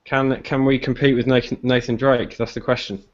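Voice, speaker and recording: Man, stream host, casual chat, mid-pitched, dull lo-fi audio. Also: flat delivery, fairly quick, a little mellow. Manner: chatty, hesitant with ums. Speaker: podcast host.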